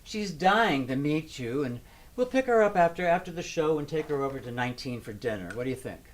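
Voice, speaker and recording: A man's voice: a little high, expressive, a little fast, a little hiss or hum, natural voice. An older man acting a gay male drag performer, joking and wry in a TV drama.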